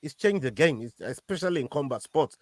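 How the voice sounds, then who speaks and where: A man co-hosting a casual fight-sports podcast, talking in an animated way that often stammers and restarts when he gets worked up. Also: a little high, a little fast, a crowd in the background. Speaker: podcast co-host. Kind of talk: casual MMA chat.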